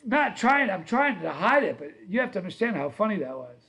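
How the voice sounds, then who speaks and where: A man's voice: sits high, very animated, a little fast, gravelly, bright, forceful tone. A middle-aged man hosting a casual livestream, telling rambling stories and reading viewer comments aloud. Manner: storytelling, self-correcting. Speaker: livestream host.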